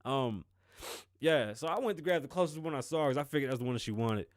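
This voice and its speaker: This man, a podcast host from the Bronx, speaks in a Bronx New York accent at a medium pitch, with lively intonation and a quick pace. His monologue is loose and rambling, full of laughter and swearing. The close-up mic leaves no echo.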